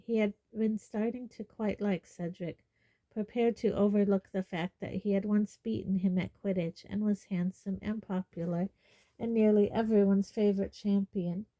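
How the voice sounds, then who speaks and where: A woman reading a storybook aloud in calm, even narration. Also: mid-range voice, normal speed, highs cut off. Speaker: audiobook reader.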